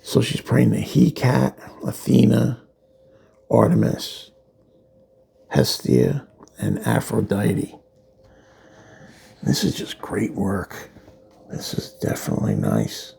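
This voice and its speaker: A man's voice: lowish voice, huge pitch swings, slow, gravelly, pauses often, dark tone, breathy edge. A man reviewing a comic book in a loose, rambling way, full of fillers and restarts. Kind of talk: casual comic walkthrough.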